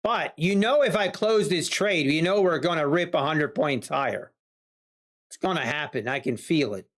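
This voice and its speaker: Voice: mid-range voice, animated, moderate pace, fairly bright tone. A day trader talking to a live-stream chat, muttering exasperated complaints and playful teasing.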